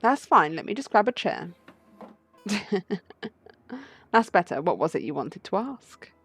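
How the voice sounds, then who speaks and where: A woman's voice: very animated, a little slow, husky, faint music behind, exaggerated voice. Woman doing a muffled, polite, jittery giraffe maid for a game read-through. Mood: nervous polite. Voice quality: muffled, as if from high up. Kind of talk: game playthrough read-aloud.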